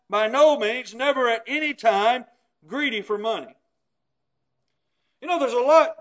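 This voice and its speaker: High-voiced man preaching a sermon. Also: a bit bright. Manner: emphatic, explains scripture with everyday examples.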